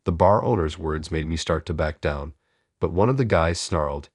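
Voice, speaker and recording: Brief: deep, husky man narrating a story, dry close sound. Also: expressive, normal speed, no room sound. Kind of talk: first-person story narration.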